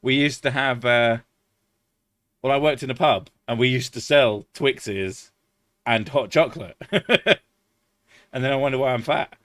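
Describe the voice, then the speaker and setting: A man's voice: medium pitch, unhurried, pauses often, a bit bright, no echo, clean studio sound. A man chatting casually on a live stream, swearing freely and laughing often.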